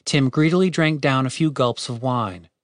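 A man narrating a fantasy audiobook chapter with expressive storytelling. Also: mid-range voice, normal speed, dry recording, clean studio sound. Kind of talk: scripted narration.

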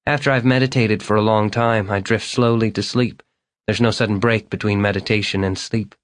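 A man's voice: on the low side, steady tone, brisk, dry recording, studio quality, natural voice. A man voicing an eager, talkative young man whose lines come out raised and insistent. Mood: curious. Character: eager chatty young man, upbeat and earnest.

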